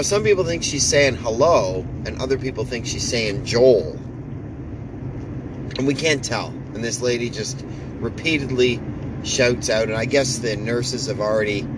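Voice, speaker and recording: A man rambles through a casual podcast monologue, wry and full of halting restarts. He speaks slowly at a middling pitch. Outdoor traffic noise sits clearly behind his voice. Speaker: podcast host.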